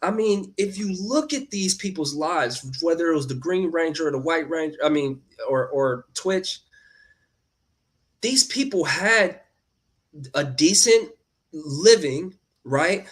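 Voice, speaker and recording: Earnest man, lively preachy talk. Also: fairly high pitch, slow. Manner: earnest, repetitive, addresses viewers as y'all. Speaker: motivational live streamer. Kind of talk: casual motivational talk.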